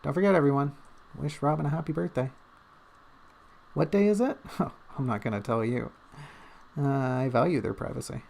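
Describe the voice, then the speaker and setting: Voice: medium pitch, moderate pace, creaky, long pauses, darkish tone. A livestreamer chatting casually and rambling, with self-mocking jokes.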